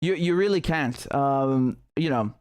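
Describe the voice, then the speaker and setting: A man's voice: mid-range voice, a little slow, a little mellow, clear, resonant tone. A man hosting a live political stream, talking in a heated, sarcastic way with many restarts.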